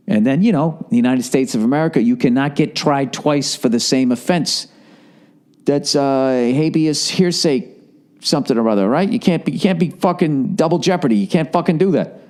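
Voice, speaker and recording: A man's voice: mid-range voice, darkish tone. A man hosting a podcast, ranting casually and sarcastically with lots of swearing, and reading ads off the cuff. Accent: Boston. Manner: profane, sarcastic rant with mock voices. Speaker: podcast host. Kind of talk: casual comedic monologue and ad reads.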